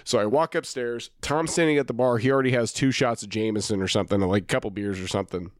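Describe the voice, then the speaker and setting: A man's voice: fairly low pitch, fast talker, dry recording. Profane, rambling male storyteller, dry mic. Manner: rambling, profane, self-deprecating storyteller with many restarts. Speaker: podcast co-host. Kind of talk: casual storytelling chat.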